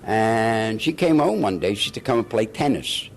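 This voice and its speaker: A man's voice: on the low side, normal speed, creaky, slight background noise. An older man, an actor telling stories in a casual interview and acting out the quotes with laughs. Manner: animated anecdotes with laughs and acted-out quotes.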